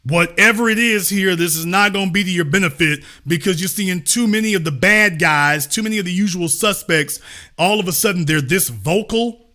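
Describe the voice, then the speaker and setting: A man's voice: high-pitched, moderate pace, sharp tone. A middle-aged man hosting a live-streamed commentary monologue, emphatic and repetitive with a preacher-like cadence and casual swearing. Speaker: host.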